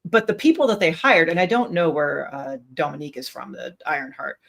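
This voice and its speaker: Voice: medium pitch, a little fast, vocal fry, a bit bright. A speaker on a review livestream, talking casually and thoughtfully, hedging with fillers. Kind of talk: casual chat.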